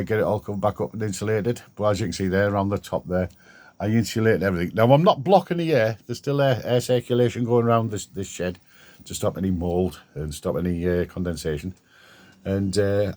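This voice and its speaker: Chatty older man, low voice. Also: a little mellow, no room sound. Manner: rambling, chatty, frequent restarts. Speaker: DIY vlogger. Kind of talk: casual vlog. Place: garden shed workshop.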